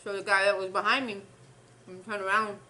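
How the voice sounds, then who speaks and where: A woman's voice: medium pitch, level tone, a little fast, pushed and bright. A young woman, rambling through a story between bites on her eating show. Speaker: mukbang host. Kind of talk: casual eating-show chat.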